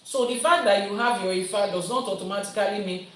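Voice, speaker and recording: A woman's voice: medium pitch, fairly quick. A woman, a priestess teaching and answering viewers' questions with everyday comparisons. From Nigeria. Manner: explains with everyday comparisons, lively teacherly delivery. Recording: roomy sound from a distant mic.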